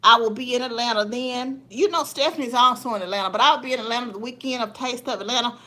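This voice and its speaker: A woman's voice: fairly high pitch, quick pace, bright, forceful tone. A middle-aged woman hosting a casual livestream, chatting folksily with viewers and laughing often. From Memphis area, USA. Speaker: livestream host. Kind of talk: casual live chat with viewers.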